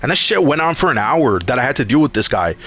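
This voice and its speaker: He has a mid-range, sing-song voice with a fairly bright, breathy edge, and he talks fast. While streaming a game, he rambles through a long story, cursing often and performing quotes loudly in casual gaming chatter.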